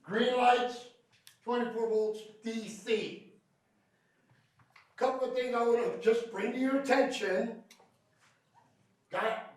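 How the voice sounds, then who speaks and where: High-voiced joking trainer in an echoey room. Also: male voice. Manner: joking storyteller who quizzes the class. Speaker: field service trainer. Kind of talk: hands-on technical training class. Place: training room with a live class. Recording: very echoey room, recorded from far off.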